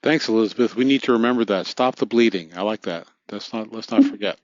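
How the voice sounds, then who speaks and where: A man's voice: lowish voice, fast, no echo. A man hosting an online question-and-answer session, briefly affirming answers and passing on questions. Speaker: session host. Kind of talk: moderating an online Q&A. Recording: dull lo-fi audio.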